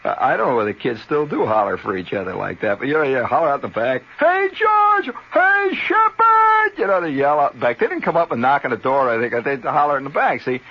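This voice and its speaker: A man's voice: mid-range voice, expressive, fast talker, vocal fry, few pauses, breathy edge. A man hosting a radio show, telling a long rambling story with chuckles and asides like "see?" and "you know". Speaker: radio host. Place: radio studio. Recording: dull lo-fi 1970 radio broadcast.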